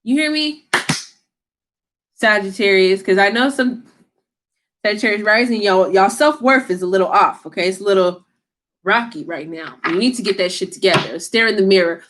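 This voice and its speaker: A woman's voice: mid-range voice, normal speed, pauses often, fairly bright tone. A woman giving a casual tarot reading to camera, talking in a blunt, slangy, scolding way and swearing freely. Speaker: tarot reader.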